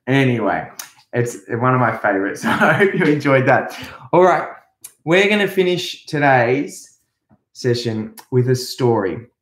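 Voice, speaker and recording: A man with an Australian accent teaching a playful remote music lesson to young children, chatting and leading songs with actions. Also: mid-range voice. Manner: chatty, playful, sings and leads actions slowly. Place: echoey room. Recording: echoey room.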